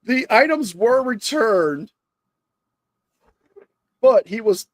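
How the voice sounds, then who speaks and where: High-voiced man reading news. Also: drawn-out words, no echo. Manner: steady reading with small restarts. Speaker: podcast co-host. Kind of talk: reading news stories aloud for comedy.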